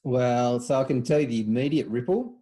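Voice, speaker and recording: In casual chat on a podcast, an Australian former club footballer tells stories from his club days, animatedly acting out what people said in a raised voice. His mid-range voice moves at a brisk pace.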